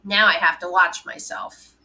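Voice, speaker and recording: A friendly, easygoing grown man, as a woman reading a storybook puts him on, speaking politely and good-naturedly. The tone stays bright and open. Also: on the low side, steady tone, moderate pace. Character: good-natured adult man, mother's boyfriend.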